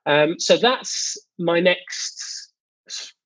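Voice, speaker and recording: A man, a jingle company owner, chatting as an interview guest in a modest, halting way with many ums. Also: a little high, a bit bright, no echo, low-quality recording. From United Kingdom. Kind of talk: casual interview chat.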